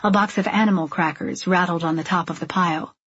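Husky-voiced woman reading a novel. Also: lowish voice, fairly even intonation, fast talker, a bit bright, no room sound, lo-fi sound. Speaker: audiobook narrator. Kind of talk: scripted narration.

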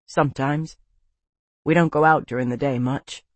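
A woman's voice: sits low, steady tone, normal speed, no room sound. A woman voicing a protective, worried young man in an audiobook, speaking earnestly and insistently. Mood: wry.

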